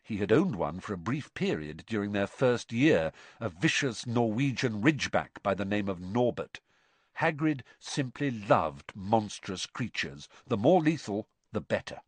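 A man narrating an audiobook in an expressive, varied storytelling manner. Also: fairly low pitch, unhurried, slightly rough, no echo.

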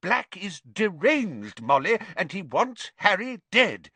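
A man's voice: high voice, sing-song, slow pace, bright, forceful tone, breathy edge, no room sound, voice pushed up, exaggerated voice. A man voicing a worried, insistent middle-aged father in an audiobook reading, speaking urgently and emphatically.

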